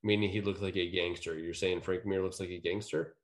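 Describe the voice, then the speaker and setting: Low-voiced, swearing podcast co-host. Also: male voice, steady tone, a little fast. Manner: swears freely, bantering. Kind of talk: casual podcast chat.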